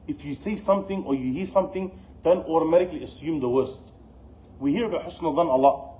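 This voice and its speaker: A middle-aged man giving a religious lesson, telling stories in an animated way and mixing in Arabic phrases. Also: on the high side, fairly quick, a little hiss or hum, rough recording. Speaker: Islamic teacher.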